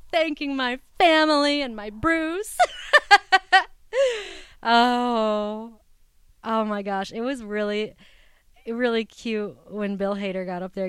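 A young woman chatting casually on her own, bubbly and quick to laugh. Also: a little high, fairly bright tone, clean tone, no room sound. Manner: bubbly, giggly, laughs often. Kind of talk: casual solo chat.

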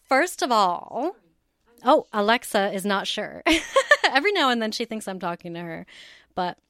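A woman hosting her own podcast, chatting in a bubbly, friendly way and laughing often. Her voice is smooth and clear, at a middle pitch. The recording is dry and close, with no room sound. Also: very animated, moderate pace, a bit bright, no echo. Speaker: podcast host. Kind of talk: casual solo podcast chat. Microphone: headphones with cable, home recording setup.

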